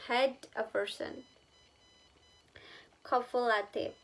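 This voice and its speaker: A woman lecturing in a slow, deliberate way, pausing often on fillers and saying each example twice. Her voice sits fairly high, and she keeps stopping to check that the listener is following. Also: fairly even intonation. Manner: halting, with many fillers and repeated examples. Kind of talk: recorded linguistics lecture.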